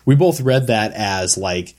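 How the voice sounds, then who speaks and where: A man co-hosting a podcast, telling a funny story in an animated, casual way. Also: on the low side, measured pace. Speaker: podcast co-host and filmmaker.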